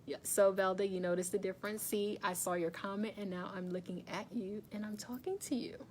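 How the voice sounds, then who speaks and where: A woman's voice: medium pitch, steady tone, fairly quick, darkish tone, slight background noise. A woman hosting a casual live stream, chatting with viewers, laughing often and greeting commenters by name. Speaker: wellness livestream host. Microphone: phone or webcam facing her.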